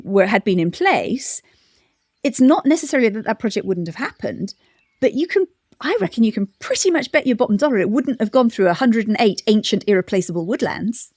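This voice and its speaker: A woman's voice: mid-range voice, dry recording. Reflective woman, dry close mic. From United Kingdom. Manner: reflective, many restarts and soft laughs. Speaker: interview guest, campaign director. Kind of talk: conversational interview.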